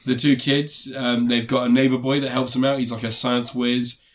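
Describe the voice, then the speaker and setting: A man's voice: mid-range voice, flat delivery, moderate pace. A man casually reviewing a TV series in a podcast chat, rambling with many ums and restarts.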